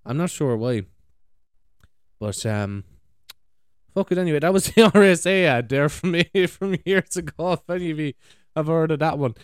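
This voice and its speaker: A man's voice: fairly high pitch, expressive, normal speed, pauses often, smooth, dry recording, studio quality. An Irish man hosting a show, chatting casually in a rambling, sweary way and laughing easily. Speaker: podcast host. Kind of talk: casual chat.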